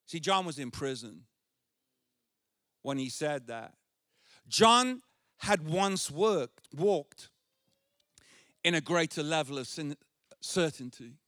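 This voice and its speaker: Male pastor, drawn-out sermon delivery, earnest, escalates to shouts. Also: a little high, expressive, no echo, clean studio sound. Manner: earnest, repeats phrases, builds to shouted emphasis.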